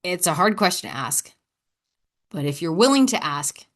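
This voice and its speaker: A woman's voice: low voice, normal speed. Candid, self-deprecating woman podcast host. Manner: candid, self-deprecating, with sighs and playful sass; acts out quoted dialogue in shifting voices. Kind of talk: casual self-help podcast monologue.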